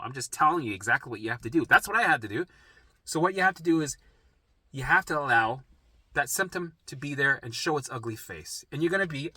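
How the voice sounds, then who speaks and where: Blunt, bright-voiced man who swears freely. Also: mid-range voice, dry recording. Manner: blunt, swearing, acts out panicked thoughts; keeps asking "right?". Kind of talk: direct-to-camera talk.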